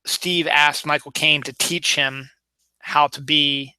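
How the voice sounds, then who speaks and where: A man's voice: on the high side, steady tone, slow pace, sharp tone, clear, resonant tone, no room sound. A man in his forties from Baltimore with a light Baltimore accent, hosting a solo podcast in a rambling casual chat with many fillers and restarts. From Baltimore, Maryland. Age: 40s. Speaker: podcast host.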